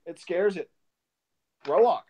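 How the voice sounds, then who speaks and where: A man running a tabletop game as dungeon master, narrating in an animated way and laughing often. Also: high voice, takes it slowly.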